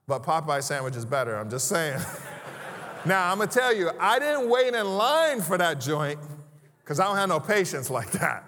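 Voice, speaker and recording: Preaching from the pulpit of a church sanctuary, a high-voiced pastor speaks at normal speed with lively intonation and a pushed, bright delivery. He stays conversational, slipping in jokes on the side and rhetorical questions, while the big hall adds long reverb.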